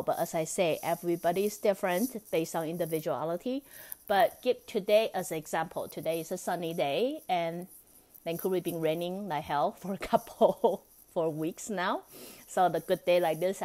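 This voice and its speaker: A woman, a non-native English speaker, talking as a spiritual coach in a podcast monologue, gently acting out inner dialogues and laughing often. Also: fairly low pitch. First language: not English. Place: Vancouver.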